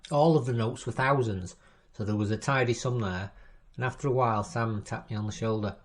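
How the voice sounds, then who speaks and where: A man narrating a first-person crime story in a measured, wry reading style. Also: on the low side. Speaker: story reader.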